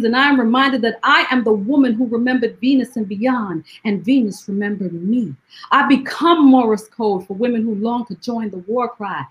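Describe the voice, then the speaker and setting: A woman from Jamaica, a poet guest who talks in lively rhetorical questions and recites her poems slowly and deliberately. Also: a little high, low-quality recording. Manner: rhetorical questions, animated storytelling; slow, deliberate poetry recitation. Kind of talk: conversational interview and poetry reading.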